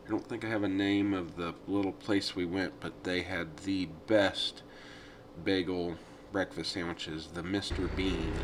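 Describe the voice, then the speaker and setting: Deep-voiced man narrating his ride, easygoing. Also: noisy background. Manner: easygoing, rambling, with frequent fillers. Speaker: adventure riding vlogger. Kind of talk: casual voice-over narration of ride footage.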